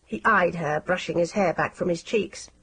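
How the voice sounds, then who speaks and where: A woman narrating an audiobook in a measured, expressive reading style. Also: fairly low pitch, a little hiss or hum.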